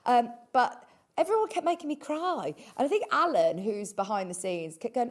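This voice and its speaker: A woman's voice: on the high side, sing-song, normal speed. A woman presenting a live shopping show, chatty and gushing as she reads out viewer messages. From England. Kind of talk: live sales chat. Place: TV studio.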